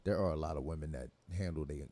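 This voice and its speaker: A man's voice: very deep voice, quick pace, crowd noise. A young man hosting a livestream, reacting to clips in loose, laughing talk full of swearing. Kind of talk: casual profane reaction commentary.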